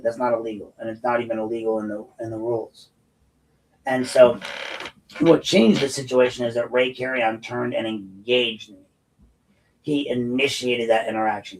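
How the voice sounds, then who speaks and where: A man delivers a combative monologue on his own show, rambling and restarting his sentences often. His voice sits at an ordinary middle pitch. He sounds a bit far from the microphone. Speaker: show host and veteran. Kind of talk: monologue commentary.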